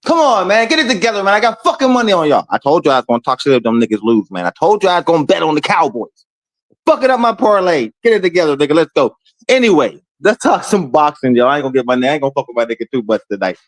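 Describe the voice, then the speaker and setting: A man hosting a casual boxing talk stream, speaking to his chat in profane, animated trash talk. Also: on the high side, fast talker. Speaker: boxing talk show host.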